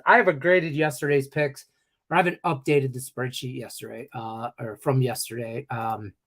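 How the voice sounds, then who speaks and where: A man in his forties hosting a sports betting show in an upbeat, joking way with rambling asides, hiccuping now and then. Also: a little high. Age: 40s. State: has the hiccups. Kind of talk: casual live show hosting.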